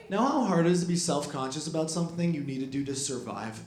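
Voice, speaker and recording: A man's voice: fairly high pitch, animated, fast talker, noisy background. A young man doing a stand-up set in a comedy club, rambling and self-deprecating with lots of fillers. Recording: roomy club with crowd laughter.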